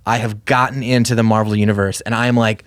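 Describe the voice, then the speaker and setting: A man in his thirties co-hosting a podcast, talking in a loose, animated, rambling way with lots of fillers. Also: fairly low pitch, a little fast, dry recording. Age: 30s. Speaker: podcast co-host. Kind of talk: casual chat.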